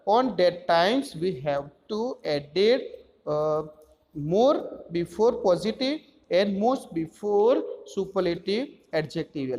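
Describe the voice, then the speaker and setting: A man's voice: high voice, darkish tone, big-room sound. A man teaching a grammar lesson, explaining step by step and spelling out letters.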